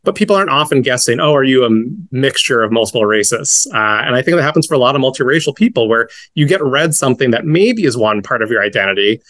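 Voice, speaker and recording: A man in his thirties from the northeastern United States speaks as an interview guest. He talks in a reflective, measured way, often pausing on soft fillers, at a middling pitch. The recording is close and dry. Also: lively intonation, no echo. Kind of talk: conversational interview.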